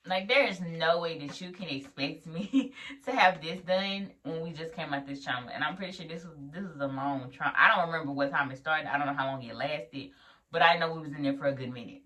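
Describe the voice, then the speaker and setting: Young woman, lower pitch with a bright, forceful edge, lively storyteller, a bit distant from the mic. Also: a little fast. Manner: animated, laughing, acting out dialogue. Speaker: new-grad nurse vlogger. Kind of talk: casual storytelling vlog.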